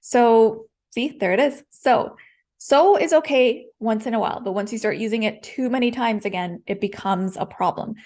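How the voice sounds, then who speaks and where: A woman's voice: fairly high pitch, moderate pace, darkish tone. A woman coaching public speaking in a live-streamed lesson, direct and encouraging, repeating her key points.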